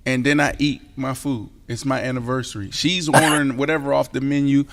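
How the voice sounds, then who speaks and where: A man in his forties, a co-host on a sports talk show, telling stories animatedly and with emphasis, sometimes dropping into a hushed voice. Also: medium pitch, brisk, long reverb tail. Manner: animated storyteller, emphatic, drops into a hushed voice to tell a story. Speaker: co-host and former football player.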